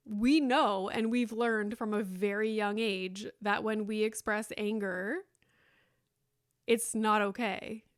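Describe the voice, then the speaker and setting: A young adult woman hosting a podcast, talking candidly and chattily, with many likes and ums, sometimes mimicking others in a higher voice. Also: steady tone, slow, no room sound, clean studio sound. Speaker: podcast host. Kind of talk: casual solo podcast talk.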